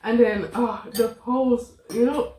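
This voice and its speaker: Girl chatting about a show, laughs a lot, higher voice, echoey room. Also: steady tone, slow, mellow. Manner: chatty, laughing, teasing asides. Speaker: co-host. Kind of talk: casual chat reviewing a drama.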